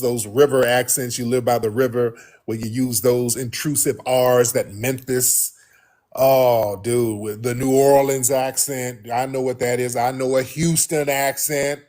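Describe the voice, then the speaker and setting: A man's voice: mid-range voice, darkish tone. Emphatic American man talking to viewers. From United States. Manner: emphatic and repetitive, calls viewers "family". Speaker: host. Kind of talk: casual commentary to viewers.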